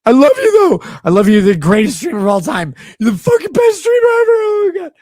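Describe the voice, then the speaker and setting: A man mocking a shrill whiny pleading guy. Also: huge pitch swings, fast, darkish tone, no room sound, studio quality, full character voice. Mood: whining. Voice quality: high shrill whine. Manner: mocking exaggerated impression.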